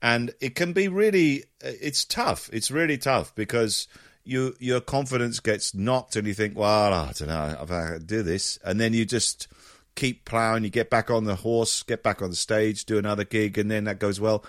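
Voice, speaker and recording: A man's voice: on the low side, moderate pace, no room sound, clean studio sound. A man, a comedian, telling anecdotes in an interview and acting out voices as he goes. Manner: lively storyteller, acts out voices. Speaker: comedian guest.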